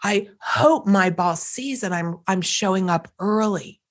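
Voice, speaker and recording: A woman's voice: mid-range voice, a little slow. A woman hosting a motivational podcast, talking emphatically and repeating phrases for effect. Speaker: podcast host, coach.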